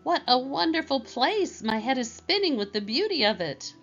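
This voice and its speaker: Woman putting on a small mother shrew, earnest, high voice, dull recording, soft music. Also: sing-song, normal speed, full character voice. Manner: earnest, pleading, turns commanding.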